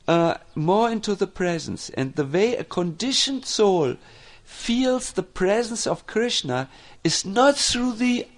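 A man giving a devotional lecture, telling stories slowly, with frequent fillers and restarts. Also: sits high, vocal fry. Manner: slow, animated storytelling with many fillers and restarts. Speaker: spiritual teacher.

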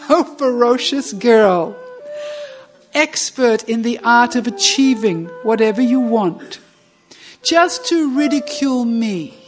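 Woman doing a cocky young cowherd god, teasing and mock-polite, slow-spoken, flute music playing. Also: on the high side. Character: proud teasing young male divine cowherd.

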